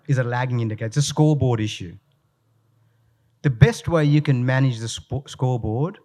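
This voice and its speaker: Aussie guy talking to a crowd, storytelling, keeps restarting his sentences. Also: mid-range voice. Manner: animated storyteller, frequent restarts. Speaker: guest speaker, leadership coach. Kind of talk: live talk with anecdotes. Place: room with a live audience.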